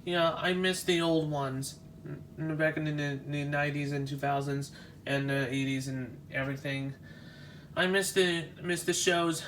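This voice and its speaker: A man vlogging as he walks through an exhibition, talking in a halting, nostalgic way with frequent restarts. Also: a little high, level tone, fairly bright tone, a little hiss or hum. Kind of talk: casual walk-through commentary.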